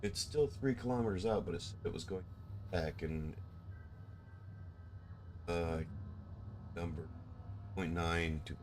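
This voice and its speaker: A man with a very deep voice chats casually as he plays, pausing often with fillers. His delivery is loose and unscripted. A faint hiss sits behind him. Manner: relaxed, trailing off with fillers. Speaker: streamer playing a co-op game. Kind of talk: casual gameplay commentary.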